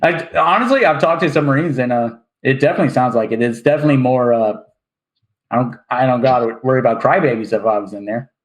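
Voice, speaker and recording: A man's voice: mid-range voice, fast talker, poor audio. A young man chatting casually on a podcast, blunt and joking. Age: young adult. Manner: blunt, joking, swears freely. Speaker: podcast guest. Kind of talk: casual chat.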